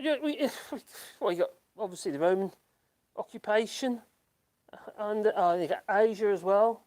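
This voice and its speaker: An older man with a Norfolk accent, hosting a casual livestream and reading chat comments in a rambling, halting way full of ums and laughs. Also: sits high, darkish tone. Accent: Norfolk English. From Norfolk, England.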